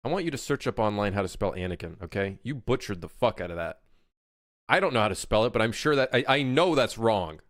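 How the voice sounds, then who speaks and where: A man's voice: on the low side, animated, fast talker, a bit bright, no room sound, studio quality. A young man streaming while working on his game, chatting casually with viewers, swearing and venting in frustration. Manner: profane, exasperated, talks to chat. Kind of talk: casual livestream chat.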